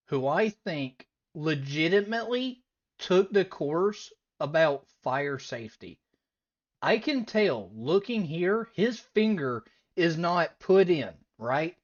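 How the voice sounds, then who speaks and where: Female reaction host, animated and incredulous, low-ish voice, unhurried delivery, lo-fi sound. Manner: animated, incredulous, breaks into laughter. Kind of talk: casual reaction commentary.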